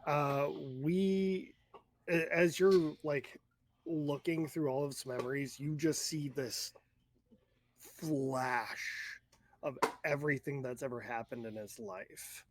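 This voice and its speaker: A man narrating a tabletop role-playing game as game master, describing scenes in a halting, searching way. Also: fairly high pitch, fairly even intonation, a little hiss or hum.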